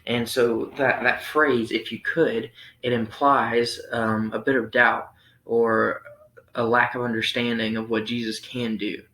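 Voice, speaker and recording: A young man reading scripture aloud and explaining it in a relaxed youth Sunday school lesson, thinking aloud with frequent ums. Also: mid-range voice, a little slow. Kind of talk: Bible reading and casual lesson. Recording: roomy echo.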